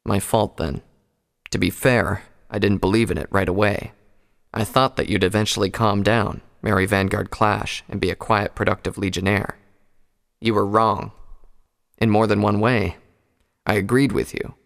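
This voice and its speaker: A man voicing a reserved, loyal stallion soldier who speaks quietly and sincerely. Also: lowish voice, fairly even intonation, normal speed, gravelly. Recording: long hall reverb.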